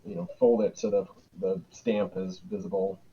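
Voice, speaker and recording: A man's voice: sits low, fairly even intonation, moderate pace, mellow, slightly rough, dull audio. A man playing his character in a tabletop game, speaking in character with hammy flourishes. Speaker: player.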